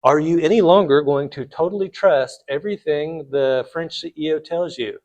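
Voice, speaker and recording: A man's voice: on the high side, normal speed, a little mellow, dull audio. A man lecturing on finance to students in a conversational way, asking rhetorical questions and adding blunt asides. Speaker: finance instructor.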